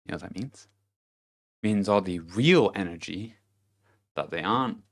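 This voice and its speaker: Blunt, swearing man with a low voice. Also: lively intonation, normal speed, pauses often. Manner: blunt, swearing, laughing to himself; swings between loud emphasis and low murmurs. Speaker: vlogger. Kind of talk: casual self-help monologue.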